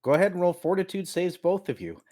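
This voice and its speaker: A man narrating as game master of a tabletop game in a relaxed manner, laughing often. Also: high-pitched, fast.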